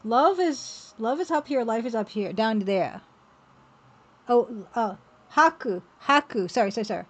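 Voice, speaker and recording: A woman chatting casually on a live art stream while working, reading viewer messages aloud and reacting with excited exclamations. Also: a little high, a little slow. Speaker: game developer streaming while drawing.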